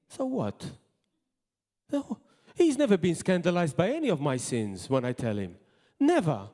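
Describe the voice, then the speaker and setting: A man preaching a sermon as pastor, in impassioned bursts that drop to quiet asides. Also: high-pitched, huge pitch swings, normal speed. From Malta. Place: church hall. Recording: long hall reverb.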